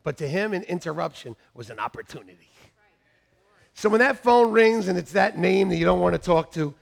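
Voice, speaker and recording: A middle-aged man preaching a sermon as pastor, animated, breaking into shouted bursts and laughing asides. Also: high-pitched, a little fast, gravelly.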